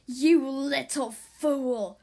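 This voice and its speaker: Storybook villain: a scheming female sea witch, put on by a woman reader, slow and gloating in a raised, odd timbre. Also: high-pitched, big pitch swings, full character voice. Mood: furious. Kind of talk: storybook reading.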